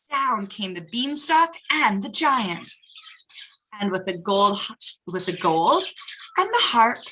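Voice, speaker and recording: A woman's voice: sits high, a little hiss or hum, poor audio. A woman hosting a children's storytime, reading a picture book aloud and asking the kids questions as she goes. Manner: animated, asks the children questions.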